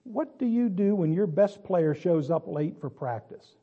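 A man's voice: sits high, lively intonation, a little slow, breathy edge, narrow, tinny audio, exaggerated voice. A man voicing an irritable old baseball coach who barks pointed questions at a crowd. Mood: stern, preaching.

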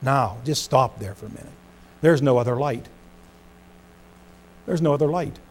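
A middle-aged man preaching a sermon as pastor, swinging between loud emphasis and hushed low phrases. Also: normal speed, gravelly, a little hiss or hum.

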